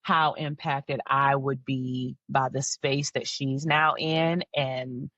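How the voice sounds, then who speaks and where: In a slow, steady, very deep voice, a woman guesting on a podcast recounts personal stories reflectively and candidly, frequently laughing softly. She is a mental health counselor, and the lo-fi recording has no room sound.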